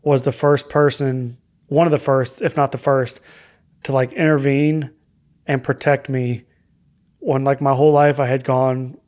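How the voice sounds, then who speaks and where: A man's voice: medium pitch, level tone, a little slow, a little mellow. A young adult man telling his own life story as a guest on a podcast, candid and reflective, with frequent hesitant fillers. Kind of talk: personal story in a podcast conversation.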